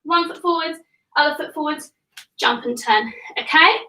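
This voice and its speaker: Leading children through an exercise session at home, this young coach counts reps cheerfully and encourages them while getting a bit winded. Her sharp voice sits high at a moderate pace, and the rough recording is roomy from a distant mic.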